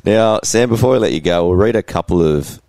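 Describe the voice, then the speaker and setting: A man's voice: sits low, lively intonation, fairly quick, a little mellow, dry recording. A man hosting a casual fantasy sports podcast, laid-back and laughing often, calling everyone mate. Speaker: podcast host.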